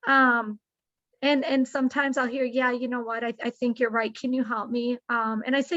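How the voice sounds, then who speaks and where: Woman podcast guest, high voice, animated storyteller, dry and slightly dull sound. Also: moderate pace, no room sound. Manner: acts out quoted dialogue with lively shifts in pace. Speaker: nonprofit executive, guest.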